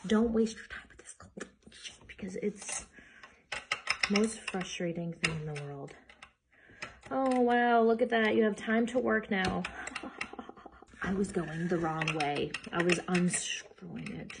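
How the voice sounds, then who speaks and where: A woman's voice: medium pitch, takes it slowly, creaky, pauses often, background noise. A young woman chatting casually while she assembles furniture, exasperated and swearing now and then. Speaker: vlogger.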